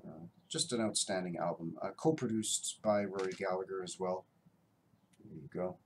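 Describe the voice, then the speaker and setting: Lower-pitched man, chatty record collector. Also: moderate pace, slight background noise. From Canada. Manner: enthusiastic, rambling. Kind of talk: casual show-and-tell.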